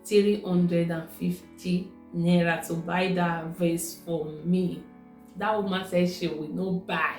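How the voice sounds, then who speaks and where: A woman's voice: lowish voice, steady tone, takes it slowly, darkish tone. A woman with a Nigerian accent telling a personal story in a casual, conversational way. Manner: conversational, repeats herself. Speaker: vlogger. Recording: echoey room with faint music.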